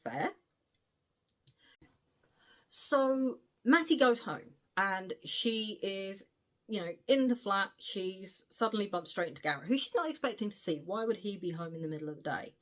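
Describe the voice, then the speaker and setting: A woman's voice: medium pitch, unhurried. Chatty British woman recapping a novel. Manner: chatty, animated retelling with cheeky asides and swearing. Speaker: book reviewer. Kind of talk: casual spoiler recap of a novel.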